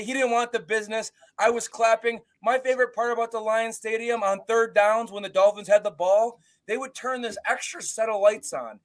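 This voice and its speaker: A man co-hosting a casual sports show, telling an animated story, swearing freely and acting out his own shouts. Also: high voice. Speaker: podcast co-host. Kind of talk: casual storytelling about a game.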